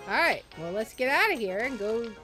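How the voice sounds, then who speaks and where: A woman streamer chatting casually as she plays, thinking aloud in an unhurried way. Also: on the high side, big pitch swings, bright, forceful tone, soft background music. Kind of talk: casual gameplay commentary.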